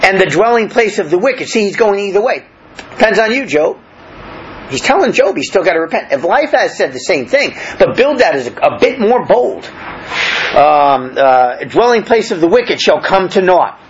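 Male preacher, high expressive voice, sermon teaching with calls for amens, slightly muffled lo-fi recording with faint ambience. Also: normal speed, a little hiss or hum. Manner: animated, calls for amens, many fillers and restarts. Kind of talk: sermon, verse-by-verse Bible teaching.

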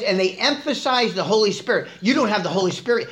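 A man preaching a casual, conversational sermon, asking the congregation questions and moving between loud emphasis and quiet asides. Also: high voice, lively intonation, fast, hardly any pauses.

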